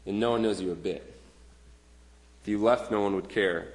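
A man's voice: fairly low pitch, normal speed. Man preaching a sermon in a reverberant hall. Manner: earnest, conversational preaching with repeated restarts. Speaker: pastor. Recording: long reverb of a large hall.

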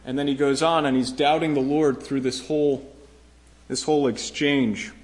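Here a pastor delivers a sermon to his congregation at a normal speed, his medium-pitched voice holding a steady tone. Earnest and emphatic, he repeats phrases often and goes up in volume when quoting a promise.

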